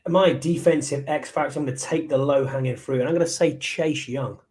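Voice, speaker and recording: A man's voice: a little high, steady tone, fairly quick, a little mellow. Scouse guy chatting sports on a podcast, eager and a bit rambly. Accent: Liverpool English. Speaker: podcast co-host. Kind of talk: casual sports chat.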